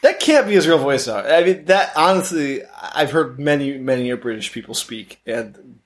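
Animated, blunt male podcast co-host. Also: medium pitch, moderate pace. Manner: blunt, profane, emphatic. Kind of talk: casual chat.

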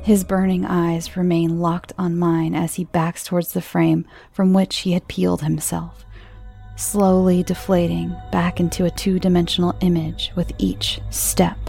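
A woman with a low, gravelly voice narrating a first-person horror story in hushed, tense tones. Soft music plays faintly beneath her reading. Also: level tone, a little slow.

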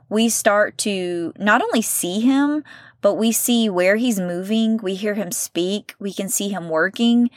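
A woman hosting a faith-based podcast, talking in an earnest, conversational way, often checking in with "right?" and sometimes slowing and softening as she gets emotional. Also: mid-range voice, dry recording, clean studio sound. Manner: earnest, conversational, with frequent "right?" and "you know". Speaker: podcast host.

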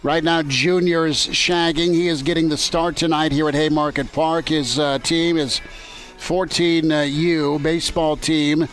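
A man's voice: fairly high pitch, steady tone, measured pace, faint music behind. A man hosting sports talk radio from a ballpark, bantering in a loose, joking way. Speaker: radio show host. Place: outdoors at a ballpark.

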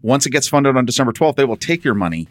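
Wry man explaining with lively pitch. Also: quick pace, no echo, studio quality. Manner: wry, explains details step by step. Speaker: podcast co-host. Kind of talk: casual chat.

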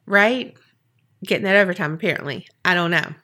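A woman's voice: lowish voice, brisk, pushed and bright. A woman podcast host telling a story in a chatty, casual way with wry asides.

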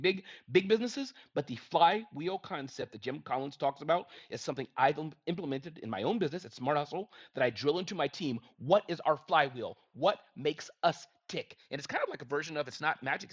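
A middle-aged man giving business advice in an energetic, emphatic motivational talk. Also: on the high side, husky. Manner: energetic, emphatic, lively delivery. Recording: dull lo-fi sound.

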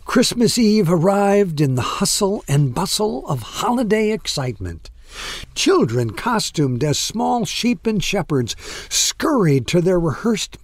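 Slow, breathy male storyteller. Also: a little high, no echo. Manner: slow, expressive, dramatic pauses. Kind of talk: storytelling narration.

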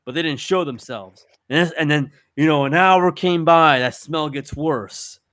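A man telling a rambling comedy story in a gruff, ungrammatical, slangy way. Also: fairly high pitch, unhurried, a bit bright, dry recording, clean studio sound.

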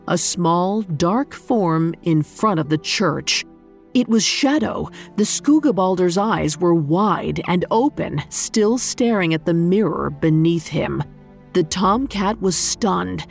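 Woman, storyteller, scripted narration, slow, gravelly, faint background music. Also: on the low side, a little mellow. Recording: faint music bed behind the voice.

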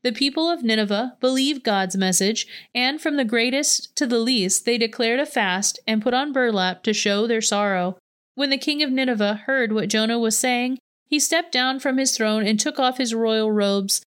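Female reader for Bible narration, smooth and clear, slightly high. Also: normal speed, fairly bright tone. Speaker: scripture reader. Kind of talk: scripted Bible reading.

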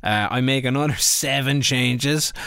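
A man co-hosting a casual podcast, teasing his co-host and quick to laugh. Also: mid-range voice, creaky, sharp tone, clear, resonant tone, no echo. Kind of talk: casual chat about a football management game.

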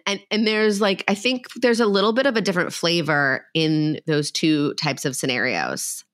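A woman psychologist talking casually and practically as a guest, candid and quick in bursts. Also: on the low side, animated, dry recording, studio quality. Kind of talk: casual expert talk.

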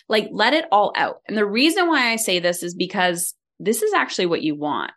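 This middle-aged woman speaks at a medium pitch, briskly and with barely a pause. A leadership coach appearing as a podcast guest in a conversational interview, she tells stories with animation and acts out the quoted lines.

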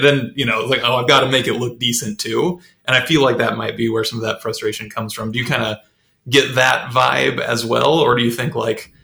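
A man's voice: mid-range voice, gravelly, bright, forceful tone, reverberant. A man co-hosting a podcast interview, thinking aloud in a hesitant way. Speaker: podcast co-host. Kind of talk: conversational interview.

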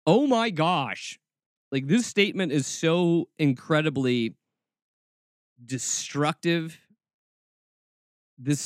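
A man hosting a podcast, giving sarcastic commentary in an animated, mocking way with lots of asides. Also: medium pitch, no echo, clean studio sound. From American South.

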